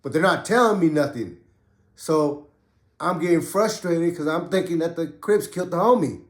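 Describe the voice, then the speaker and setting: A man's voice: a little high, moderate pace, echoey room. A man casually telling a story from his prison days in street slang, getting over a cough. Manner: street slang, loose and conversational. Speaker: podcast host and ex-prisoner.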